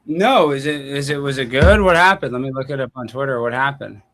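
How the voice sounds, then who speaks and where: A man with a medium-pitched voice talks fairly quickly while hosting a late-night call-in live stream. He's animated and sarcastic, ranting and thinking aloud as he searches online and takes callers, in casual live-stream chatter.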